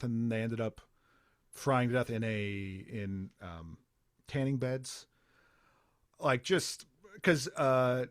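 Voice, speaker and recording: A man's voice: medium pitch, dry recording, clean studio sound. A man hosting a podcast, chatting casually in long, rambling explanations. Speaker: podcast host.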